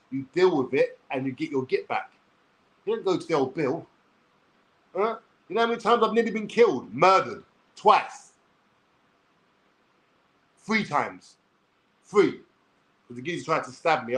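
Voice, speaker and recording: A man's voice: on the high side, fairly bright tone, low-quality recording. Blunt swearing London man in his forties. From England. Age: 40s. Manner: blunt, swears freely, addresses viewers as people. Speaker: online personality. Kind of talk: rambling talk to camera.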